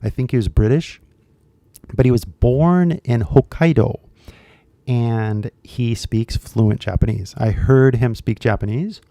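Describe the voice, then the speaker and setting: Chatty man with a gravelly, warm voice. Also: medium pitch, unhurried, no echo. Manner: chatty, rambling, lots of fillers. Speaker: English teacher. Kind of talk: casual spoken lesson.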